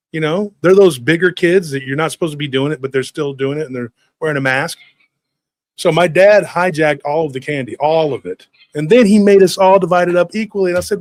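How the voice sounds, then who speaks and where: Animated storytelling man, higher voice, dry sound. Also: fairly quick, dry recording. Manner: animated, acts out family members' voices, swears casually. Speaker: podcast host telling a childhood story. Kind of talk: casual storytelling.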